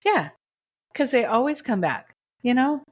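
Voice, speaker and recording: A woman's voice: high-pitched, big pitch swings, unhurried. A woman co-hosting a podcast, recapping a TV drama in casual chat with gushing, emotional enthusiasm. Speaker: podcast co-host.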